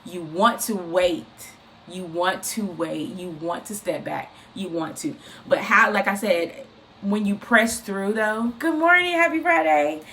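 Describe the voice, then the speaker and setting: A woman giving an informal, encouraging faith talk, speaking in an animated, repetitive, conversational way. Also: fairly low pitch, slow pace, slight background noise. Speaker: inspirational speaker.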